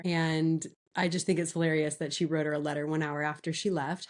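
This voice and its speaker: A woman with a somewhat low voice, slightly scratchy from a cold. She recaps a novel for her podcast in a loose, chatty way, dotted with fillers. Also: little pitch movement, fairly quick, few pauses. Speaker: podcast co-host. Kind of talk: casual book recap chat.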